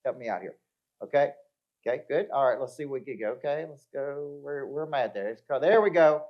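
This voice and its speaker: A man's voice: mid-range voice, expressive, fast, highs cut off. Motivational speaker, middle-aged man, tells stories and acts out the dialogue, keeps checking in with the room. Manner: storytelling with acted-out dialogue and crowd check-ins. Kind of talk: live motivational talk. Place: live event before an audience.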